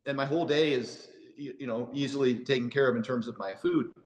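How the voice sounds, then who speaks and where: Casual storytelling comes from an American man guesting on a podcast, his medium voice moving fairly quickly. Expect plenty of "you know" and false starts, all on a low-quality recording.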